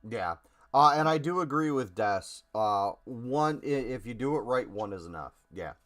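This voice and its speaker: A man's voice: medium pitch, lively intonation, moderate pace, a bit bright. Blunt, joking man in casual podcast chat. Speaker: podcast co-host.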